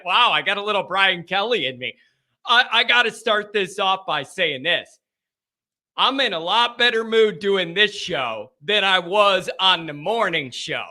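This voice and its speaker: A man hosting a sports fan live stream, talking in a casual, animated and joking way. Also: sits high.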